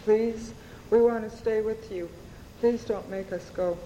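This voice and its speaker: A woman's voice: mid-range voice, steady tone, a little slow, mellow, in a large hall, dull audio, a little hiss or hum, natural voice. A woman voicing a frightened, stubborn little girl who pleads insistently, while reading her novel aloud. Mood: pleading.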